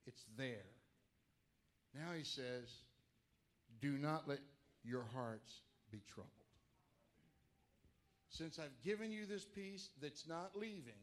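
Male preacher, slightly higher voice, lively, swings quiet to loud. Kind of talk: sermon.

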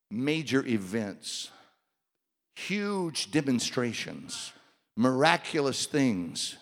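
A man preaching a sermon, swinging between loud, raised passages and hushed, quiet ones. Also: mid-range voice. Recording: long hall reverb.

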